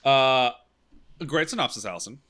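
Dry-humored man with a lively, bright voice. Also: medium pitch, moderate pace. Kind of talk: casual chat.

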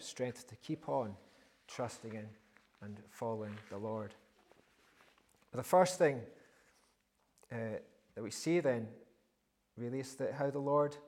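A man delivers an evening sermon in a gravelly voice with a rough, husky edge. He talks earnestly, pausing often and repeating words as he gathers his thoughts. His voice rises with emphasis whenever he reads the scripture aloud. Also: medium pitch, darkish tone. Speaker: preacher.

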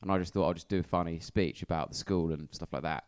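A young man from England, a comedian guest on a live podcast, chatting in a wry, self-deprecating way and often trailing off into quiet asides. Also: deep voice, steady tone, fast, smooth. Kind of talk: casual live podcast chat. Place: live venue in front of an audience.

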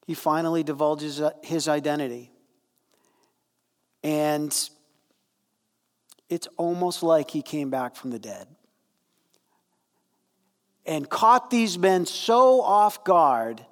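A man delivers a sermon in a relaxed, conversational way, slipping into animated bursts as he leans into a point. His voice sits a little higher than most men's, and it rings out with a long reverb from the hall he speaks in. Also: slow, long pauses. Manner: animated, conversational preaching with fillers. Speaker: pastor.

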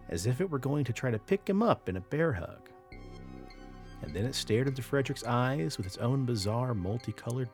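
A man hosts a paranormal podcast and tells a creature story with lively storytelling and casual asides. His voice sits in a mid pitch and swings up and down with the tale, and faint music plays beneath him. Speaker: podcast host.

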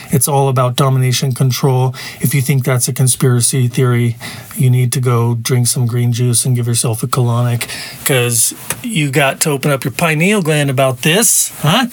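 A man's voice: medium pitch, fairly even intonation, moderate pace, no room sound. A man hosting a podcast, talking in a rambling, conversational monologue with asides. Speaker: podcast host. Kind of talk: casual opinion monologue.

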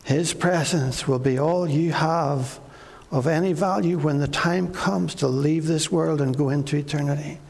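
A man's voice: a little high, a little slow, creaky, darkish tone, big-room sound. A man preaching a sermon as pastor, earnest, repeating phrases and acting out pleas.

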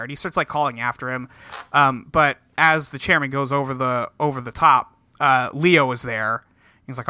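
A man's voice: mid-range voice, normal speed, sharp tone, no room sound, clean studio sound. A man hosting a podcast, recapping an episode in a rambling, profane, casual way. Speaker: podcast host.

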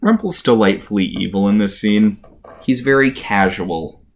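Man co-host, very low voice, deadpan sarcastic recap chat. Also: moderate pace. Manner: dry, sardonic commentary. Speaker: podcast co-host.

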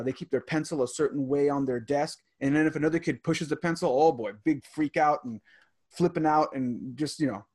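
A man who works as a teacher, chatting on a podcast, reading items from a list and adding stories from his classroom. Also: a little high. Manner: reads items aloud and adds classroom stories.

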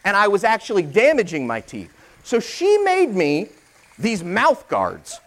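A man's voice: high-pitched, wildly swooping pitch, a little slow, a bit bright. A middle-aged male pastor giving a conversational sermon, demonstrating his points with props.

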